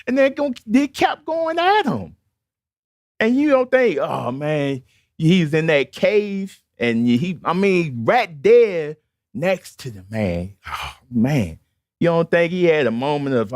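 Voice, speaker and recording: A man's voice: on the high side, animated, unhurried, no echo, clean studio sound. A man preaching a sermon in an emphatic, conversational way, repeatedly calling out to the congregation, with a Baltimore accent.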